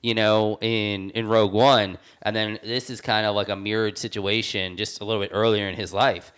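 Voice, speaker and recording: A man's voice: on the low side, steady tone, normal speed, a bit bright, smooth. A man co-hosting a podcast, chatting casually and rambling with many restarts. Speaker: podcast co-host. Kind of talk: casual chat.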